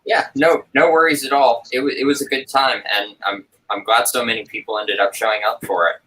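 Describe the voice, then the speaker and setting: A man's voice: medium pitch, a little fast, husky, poor audio. A man chatting casually on a group video call, talking with enthusiasm and many filler sounds. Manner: relaxed, enthusiastic, with frequent "uh" fillers. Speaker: host of a watch-along chat.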